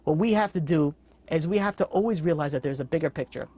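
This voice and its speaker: A man giving a storytelling sermon as a rabbi, earnest and animated. His talk is casual, with fillers and restarts, and the sound is dry and close. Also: fairly high pitch, fast talker, no room sound. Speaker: rabbi teaching a class.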